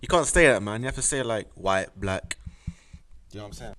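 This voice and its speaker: A young man co-hosts a laid-back chat. His voice sits low, and he talks quickly in slangy, joking bursts. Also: expressive, fairly bright tone. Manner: slangy and jokey, ends phrases with "man". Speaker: podcast co-host. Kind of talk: casual chat.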